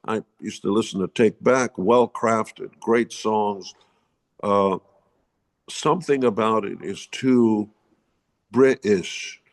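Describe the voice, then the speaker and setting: Blunt, low-voiced older man. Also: slow pace. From United States. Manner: blunt, opinionated, profane. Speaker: musician guest. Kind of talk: casual interview storytelling.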